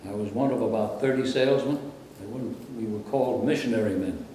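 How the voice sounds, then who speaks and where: Older Brooklyn man, mellow and reminiscing. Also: lowish voice, brisk, heavy reverb, distant mic, slight background noise, low-quality recording. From Brooklyn, New York. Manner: rambling, anecdotal, conversational. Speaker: interviewee, former radio announcer. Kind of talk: reminiscing interview.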